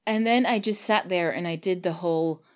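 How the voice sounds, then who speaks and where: A woman audio drama producer and voice actor in casual conversation. Her voice sits a little low, and she thinks aloud with fillers and restarts. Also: a little fast, smooth. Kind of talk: casual chat.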